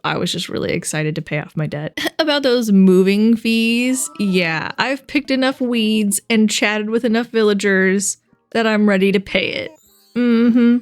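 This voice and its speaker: A young woman talking through a video game in a relaxed, chatty way. She gets excited easily and giggles often as she comments on what she sees. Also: medium pitch, clean tone. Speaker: gaming vlogger. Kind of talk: casual gameplay commentary.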